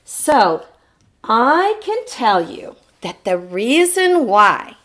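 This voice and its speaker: A woman's voice: fairly high pitch, big pitch swings, drawn-out words, a bit bright. A woman teacher giving a televised phonics lesson to children. She patiently models each sound and asks them to repeat it back. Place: TV studio lesson set.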